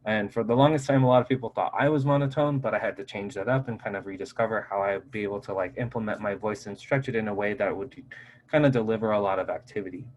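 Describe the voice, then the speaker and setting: Talking fast in a lowish voice, a male college instructor delivers a loose, conversational lecture full of filler "like"s. It's recorded on his personal microphone, and the audio sounds dull, with a little hiss or hum.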